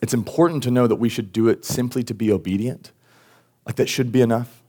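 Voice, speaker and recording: A man's voice: mid-range voice, steady tone, fairly quick, darkish tone. A man giving a sermon at a church service as pastor, talking in a casual way with many restarts and asides. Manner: conversational, with frequent restarts and asides.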